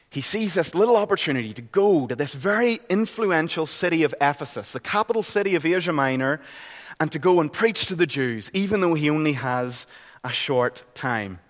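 Northern Irish preacher in an echoey church. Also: male voice, a little high. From Northern Ireland. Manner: earnest, conversational, with frequent restarts. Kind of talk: sermon. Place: church hall. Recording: long hall reverb.

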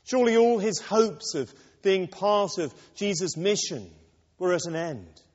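A man preaching a sermon to a congregation, expressive and acting out quoted lines. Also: sits high, unhurried. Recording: dull reverberant hall.

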